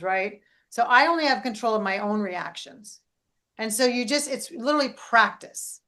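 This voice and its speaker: Middle-aged female coach and host, casual chat, animated, tags lines with "right?", mid-pitched. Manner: animated, keeps adding "right?". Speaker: life coach and podcast host.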